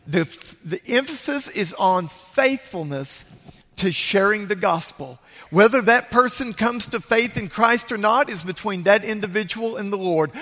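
A man with a high, slightly bright voice preaches a sermon as pastor to a large congregation. He's emphatic and repeats his key phrases, his voice reverberating through a large church sanctuary.

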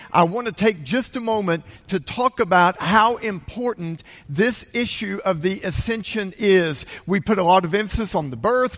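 High-voiced preaching pastor in a hall. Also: male voice, a bit bright. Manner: emphatic preaching with slowed, drawn-out stresses. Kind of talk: sermon.

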